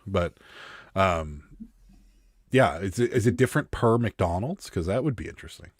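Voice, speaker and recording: A man's voice: sits low, animated, normal speed, husky, no echo, clean studio sound. A man hosting a live stream, chatting casually and joking as he reads viewer comments, with a Western Pennsylvania accent. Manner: rambling, joking, wry.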